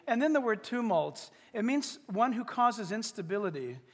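Very high-voiced, animated male preacher. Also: normal speed, in a large hall. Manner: humorous, animated, acts out little scenes. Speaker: pastor. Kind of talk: sermon.

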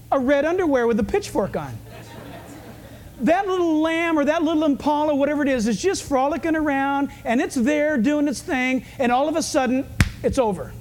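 A male pastor preaching a sermon, animated and humorous, swinging from fast urgent bursts to low hushed asides. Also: slight background noise. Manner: humorous, storytelling.

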